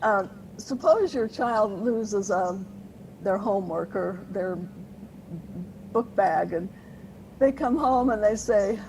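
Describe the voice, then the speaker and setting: A woman's voice: medium pitch, animated, slow pace, long pauses, darkish tone. A woman explaining parenting ideas as an interview guest, earnest and teacherly, with light laughs now and then. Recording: noisy interview recording.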